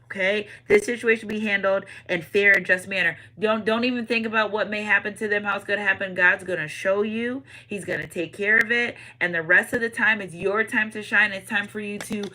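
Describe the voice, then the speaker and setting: A woman giving a casual spiritual tarot reading, animated and repeating catchphrases, swinging between loud and hushed. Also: medium pitch, brisk, few pauses, poor audio. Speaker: tarot reader.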